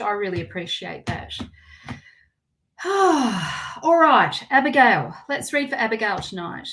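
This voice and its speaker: A woman with a fairly high voice hosts a live tarot reading stream. She circles back over the same phrases again and again and stops to read viewer comments aloud. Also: big pitch swings, a little slow, a bit bright, a little hiss or hum. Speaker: tarot reader.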